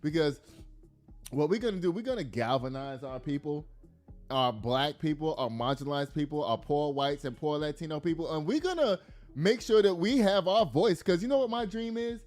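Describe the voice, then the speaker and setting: Emphatic high-voiced man ranting. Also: animated, normal speed, darkish tone, soft background music. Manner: emphatic, blunt, profane, laughs at own jokes. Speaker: commentary host. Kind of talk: casual political commentary.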